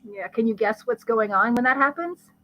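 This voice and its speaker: A woman, a guest expert, explaining brain science in conversation with a lively teaching manner and vivid everyday examples. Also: a little high, normal speed, dull audio. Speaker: guest expert on ADHD and learning.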